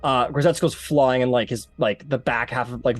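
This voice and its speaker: A man narrates a tabletop game as game master, loose and rambling with plenty of fillers. His voice is mid-pitched and close, with a dry room sound and faint music behind. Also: steady tone, normal speed, no echo. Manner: casual, rambling, lots of fillers.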